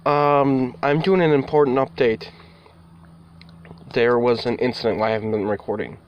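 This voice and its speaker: A man's voice: medium pitch, clear, resonant tone, dull audio. A man giving a casual vlog update, rambling and talking to his cats, with the odd mild swear word. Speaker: vlogger. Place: indoors near a door, partly outside.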